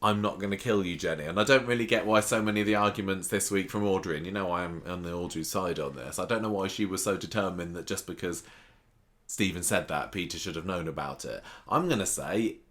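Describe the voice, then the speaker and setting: A man's voice: low voice, brisk, fairly bright tone. A man co-hosting a podcast, chatting casually through a soap recap, laughing often and acting out characters' lines. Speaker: podcast co-host.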